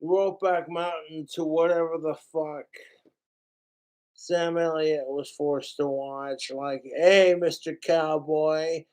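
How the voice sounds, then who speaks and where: Heated, profane man ranting slowly. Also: a little high, little pitch movement, a little mellow. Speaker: podcast host. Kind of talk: casual ranting commentary.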